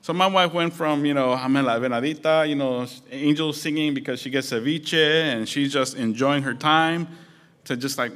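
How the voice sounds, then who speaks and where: A man's voice: a little high, moderate pace, fairly bright tone. A man preaching a sermon as pastor, conversational and storytelling with touches of humor.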